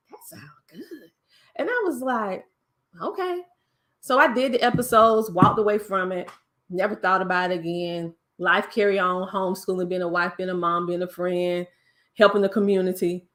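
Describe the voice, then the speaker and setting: A woman guest speaks with a Southern US accent and a country twang. She tells her story in lively casual talk, slipping into other voices. Her tone is bright and forward. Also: medium pitch. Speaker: podcast guest.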